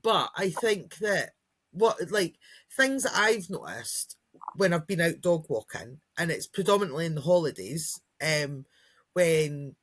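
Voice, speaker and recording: A woman co-hosts a casual podcast as a dog trainer, chatting freely and acting out what dogs and kids might say. Her voice is fairly low, expressive and a bit bright, and she talks a little slowly.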